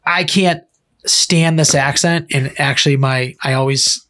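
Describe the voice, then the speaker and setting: A man's voice: on the high side, steady tone, a little slow, sharp tone. A man co-hosting a podcast, ranting in crude, profane, jokey casual banter. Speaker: podcast co-host.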